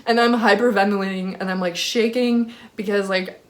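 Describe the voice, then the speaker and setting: A young woman casually telling a personal story to camera, full of fillers, acting out her own shouting. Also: normal speed. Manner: animated, reenacts screaming at high pitch; many fillers like "like" and "freaking". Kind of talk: casual story time vlog.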